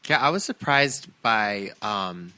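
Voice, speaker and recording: Low bright-voiced man, thoughtful chat. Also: lively intonation, no room sound. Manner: measured, thoughtful, some hesitations. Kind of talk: casual chat.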